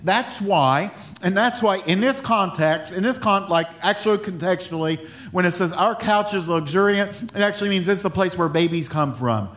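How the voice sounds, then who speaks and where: A man's voice: sits high, moderate pace, few pauses, fairly bright tone. A man preaching a sermon in a loose, conversational way, breaking into laughter and restarting his sentences. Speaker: pastor.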